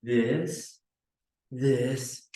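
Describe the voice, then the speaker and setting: A man, teaching self-defense drills to camera in slow, halting instruction. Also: medium pitch, dark tone, a little hiss or hum. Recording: very echoey training room.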